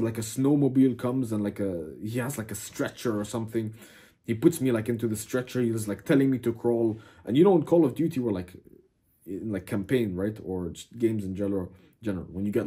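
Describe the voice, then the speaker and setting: A young man casually telling a dramatic personal story to camera, animated, cursing and calling the listener "bro". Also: mid-range voice, breathy edge. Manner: animated, swears a lot, keeps saying "bro". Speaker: vlogger.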